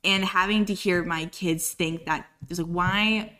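A woman from Colorado in a casual podcast conversation, telling stories in a lively way. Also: on the low side, a little slow. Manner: lively storytelling, slipping into quoted voices. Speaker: podcast speaker.

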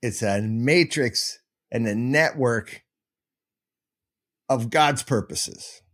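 A man's voice: mid-range voice, drawn-out words, fairly bright tone. A man hosting a podcast, teaching in a casual, digressive and self-mocking way, breaking into goofy sound effects. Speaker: podcast host.

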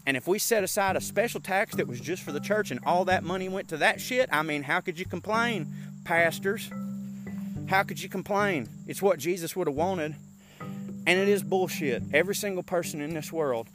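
A man, hosting a casual podcast rant while walking outdoors, animated, profane and rambling. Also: fairly high pitch. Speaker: podcast host.

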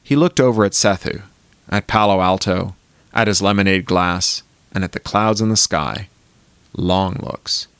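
Man reading his own thriller aloud, dry and wry, lowish voice, no room echo. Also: moderate pace, a bit bright, clean tone. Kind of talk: audiobook reading.

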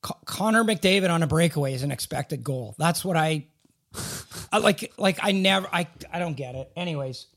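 Higher-voiced man bantering. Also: lively intonation, fairly bright tone. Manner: bantering, self-deprecating, halting restarts. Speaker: podcast co-host. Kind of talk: casual chat.

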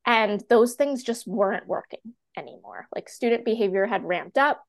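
A woman in her thirties, a teacher and classroom coach, telling her story as a podcast guest in a chatty, animated way full of "like" fillers. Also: mid-range voice, moderate pace, gravelly. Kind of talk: candid personal storytelling in a podcast interview.

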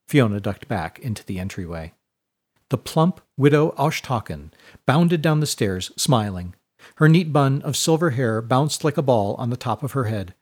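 A man narrating a storybook chapter in a measured, expressive reading. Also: medium pitch.

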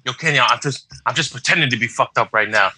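A man's voice: mid-range voice, fast talker, pushed and bright, slightly rough, dry recording, poor audio. A man co-hosting a podcast, chatting casually in slangy speech. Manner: laid-back storytelling with slang and cursing. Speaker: podcast co-host.

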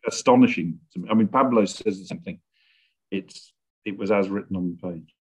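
A middle-aged man, a screenwriter guest in a conversational interview, speaking in a reflective, measured way as he searches for words. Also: low voice, husky.

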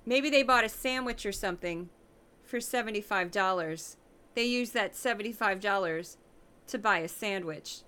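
A middle-aged woman from St. Louis hosting a podcast, delivering sarcastic, animated commentary on news clips. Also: medium pitch, moderate pace, clear, resonant tone. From Midwest, St. Louis. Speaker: podcast host.

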